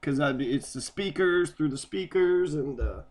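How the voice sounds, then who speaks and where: A man's voice: fairly high pitch, lively intonation, normal speed, heavy background noise. A man giving casual, rambling commentary on a video, full of profanity and loose asides.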